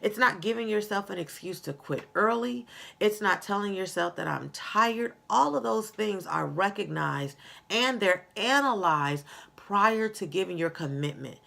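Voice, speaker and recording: A middle-aged woman giving a slow, earnest motivational talk, with some fillers. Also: mid-range voice, expressive, gravelly, bright, forceful tone. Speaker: motivational speaker.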